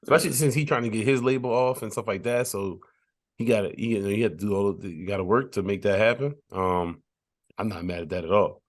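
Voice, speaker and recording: A man co-hosting a music podcast, talking in a relaxed, rambling way with frequent restarts. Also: on the low side, fast talker. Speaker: podcast co-host. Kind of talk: casual chat.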